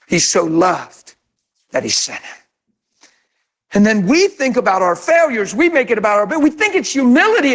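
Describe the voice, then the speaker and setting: A man preaching a sermon as pastor, animated and conversational, often laughing and acting out quotes. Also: extremely high pitch.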